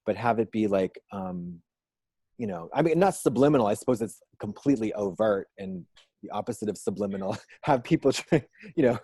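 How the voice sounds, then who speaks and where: A man's voice: on the low side, expressive, a little fast, mellow, slightly rough, dry recording. A man in a casual interview, rambling with lots of fillers and restarts and making dry jokes. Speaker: drag performer and musician, guest.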